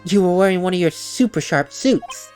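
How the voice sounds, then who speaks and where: A man's voice: high voice, expressive, normal speed, darkish tone, soft background music. A man voicing a timid, unlucky young woman who stammers and apologizes, reading a game's text aloud. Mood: nervous. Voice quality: stammering, hesitant.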